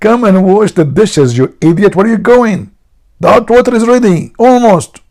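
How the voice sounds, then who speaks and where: A man voicing a loud, bossy middle-aged wife who scolds her husband in a shrill shout. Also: expressive, moderate pace. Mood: scolding.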